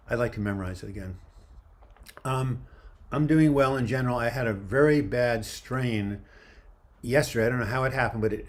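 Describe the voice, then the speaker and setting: A man's voice: fairly low pitch, a little hiss or hum. Rambling man in his seventies. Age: 70s. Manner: rambling, reads comments aloud. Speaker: livestream host. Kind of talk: casual livestream chat answering viewer questions. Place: outdoors by a river waterfront. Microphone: phone held in one hand.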